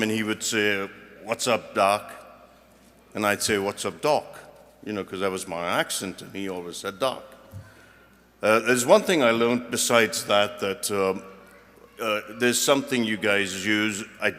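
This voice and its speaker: A man's voice: lowish voice, fairly bright tone. A man, a university regent, giving a rambling, joking commencement speech from a podium. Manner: joking, rambling and self-deprecating. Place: large ceremony hall. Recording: long hall reverb.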